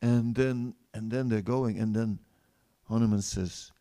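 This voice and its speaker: A man's voice: a little slow, gravelly. Guy giving a sermon, telling a story, acts out the characters, repeats stuff a lot, restarts mid-sentence. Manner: animated storytelling, acts out characters' lines with rising pitch; many restarts and fillers, repeats phrases for emphasis. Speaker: preacher.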